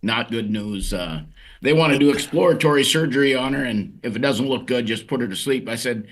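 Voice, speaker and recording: A man's voice: medium pitch, fairly quick. A man speaking as a guest on a talk show, plain-spoken and subdued in casual conversation. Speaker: guest, state senator.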